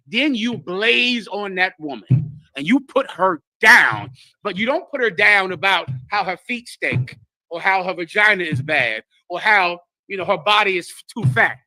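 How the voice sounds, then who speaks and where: A man teaches a congregation in a forceful, preachy sermon style. His voice sits high and bright. The sound is dry, with little room around it. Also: lively intonation, measured pace, no room sound. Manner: emphatic, blunt, preachy. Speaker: teacher leading a congregation class.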